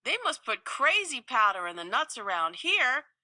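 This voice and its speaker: A woman's voice: a little high, very animated, moderate pace, sharp tone, no room sound, clean studio sound, exaggerated voice. A woman voicing a nosy male dog who panics and whines. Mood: panicked.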